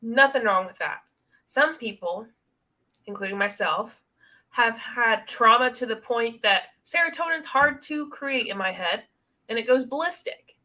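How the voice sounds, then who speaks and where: A woman's voice: on the high side, expressive, a little slow, sharp tone. A woman co-hosting a casual reaction commentary, blunt, outspoken and joking. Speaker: co-host.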